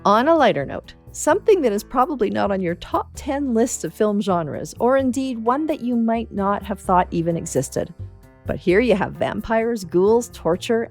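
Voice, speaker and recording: A woman's voice: mid-range voice, darkish tone. Wry Canadian woman reading the news. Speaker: newsletter reader. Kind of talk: scripted news read.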